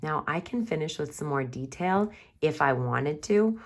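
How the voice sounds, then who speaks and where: A woman kindergarten teacher giving a remote writing lesson to young children, sounding out words slowly and reading her story aloud with exaggerated expression, recorded on camera at home. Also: deep voice, lively intonation. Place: home, recorded for online class.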